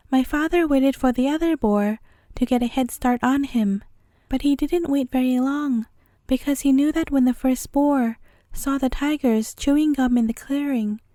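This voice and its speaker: A woman reading a bedtime story aloud in a gentle, even storytelling manner. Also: sits high, no echo.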